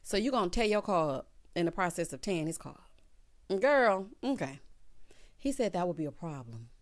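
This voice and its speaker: A woman giving a casual recap of a TV episode with sassy, animated asides. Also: lowish voice, moderate pace. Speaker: TV show recap reviewer.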